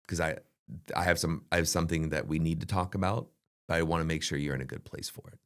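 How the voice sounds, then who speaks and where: Brief: middle-aged man, deep gravelly voice, earnest advice-giver in a relaxed leadership chat. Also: fast talker. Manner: earnest, advice-giving, acts out family dialogue. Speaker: podcast co-host.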